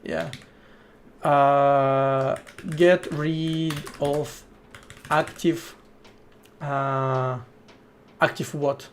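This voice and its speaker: Guy coding live on stream, slow easy talk, slangy, swears a bunch, thinks out loud. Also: a little high, a little hiss or hum. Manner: slangy, swears freely, thinks aloud in short bursts. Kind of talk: casual live-stream chat while programming.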